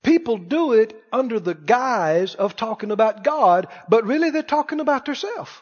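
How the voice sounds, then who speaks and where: Animated high-voiced male preacher. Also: moderate pace, long reverb tail, muffled recording. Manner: emphatic, questions the congregation, quotes scripture. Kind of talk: sermon.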